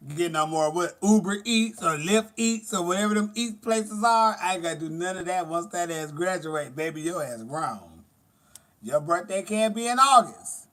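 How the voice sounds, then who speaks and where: Lively, expressive host chatting on a livestream. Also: male voice, high-pitched. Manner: animated, talks to viewers directly, swings between loud outbursts and soft murmurs. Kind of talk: casual livestream chat.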